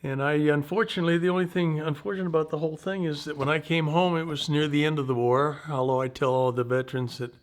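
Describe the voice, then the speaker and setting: Older man, folksy halting veteran storyteller. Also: on the high side, steady tone. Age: 70s. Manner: unhurried, halting, folksy "I says" phrasing. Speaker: veteran interviewee. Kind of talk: personal war storytelling interview.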